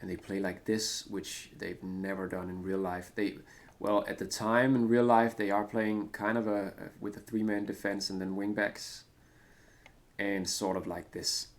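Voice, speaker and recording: A man's voice: on the low side, flat delivery, measured pace. A Danish man, whose first language is Danish, casually commenting on a retro football management game, rambling and hesitant with many fillers and a self-deprecating manner. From Denmark. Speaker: gaming commentator. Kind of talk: casual let's-play commentary.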